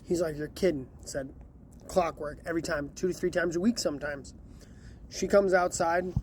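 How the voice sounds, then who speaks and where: A man's voice: fairly high pitch, normal speed, a little mellow, a little hiss or hum. A man casually telling a story about delivering pizza, acting out the lines of the people in it. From Chicago area. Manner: chatty, acts out quotes.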